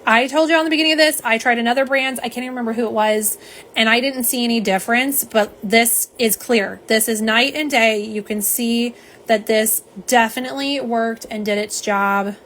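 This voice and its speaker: A woman with a slightly high, somewhat bright voice speaks at normal speed over slight background noise. She's hosting a live nail polish stream, chatting casually with viewers, calling them "y'all," and reading out and answering their chat comments.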